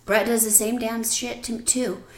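A woman with a slightly high voice chats casually, telling a family story with lively energy. She speaks in a roomy, echoey space. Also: measured pace. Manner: animated storyteller, acts out quoted people loudly. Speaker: podcast co-host. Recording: echoey room.

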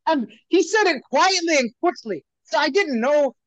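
A man's voice: very high voice, animated, normal speed, a bit bright, no echo. A man co-hosting a podcast, telling a story in casual chat with lots of laughter and restarts. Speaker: podcast co-host. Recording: dry, slightly muffled lo-fi audio.

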